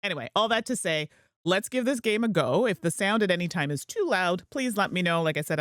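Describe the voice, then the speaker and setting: A woman's voice: lowish voice, a bit bright, no room sound, studio quality. A woman hosting a gameplay livestream, chatting in a rambling way and laughing easily. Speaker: host and streamer. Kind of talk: casual gameplay livestream chat.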